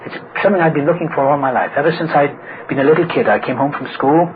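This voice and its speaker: Speaking fast in a fairly high voice, a middle-aged man shares his personal story at a recovery meeting, making it funny and performing the voices of those he quotes with animation. It comes through an old, tinny, phone-like recording with hiss.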